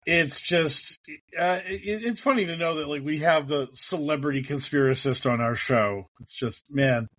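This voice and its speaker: A man's voice: a little high, normal speed, a bit bright. A middle-aged man hosting a comedic podcast, riffing jokily with guests and often restarting his sentences. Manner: jokey, riffing, many restarts. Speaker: podcast host. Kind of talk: casual comedic podcast chat.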